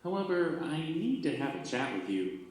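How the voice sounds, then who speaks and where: A stern, fussy roommate runs through his complaints in a lively, rising and falling voice, like a scripted textbook dialogue. The recording plays over speakers, and it is heard from a distance with heavy room echo. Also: on the high side, moderate pace. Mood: firm. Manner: firm, lecturing list of complaints. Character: man named Jim, strict fussy roommate. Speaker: actor in a textbook listening dialogue. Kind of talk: scripted listening-exercise dialogue. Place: classroom, played over speakers. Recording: very echoey room, played from far off.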